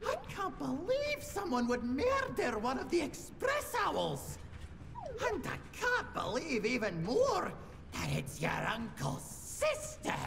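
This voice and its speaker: A squawking, high Scottish bird conductor, gravelly and blustering, swinging wildly up and down in a bright, slow drawl. His game voice rings in a long reverb over faint hiss. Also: heavily acted. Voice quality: gravelly, exaggerated accent. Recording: roomy reverb with faint noise.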